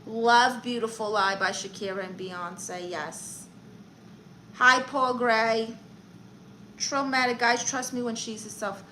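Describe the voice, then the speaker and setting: Brash Brooklyn-accented woman, bright sharp voice. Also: on the high side, fairly even intonation, slow, slight background noise, low-quality recording. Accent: Brooklyn New York. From Brooklyn, New York. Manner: brash, chatty, greeting viewers and reading chat aloud. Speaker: livestream comedy host. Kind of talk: in-character live-stream chat.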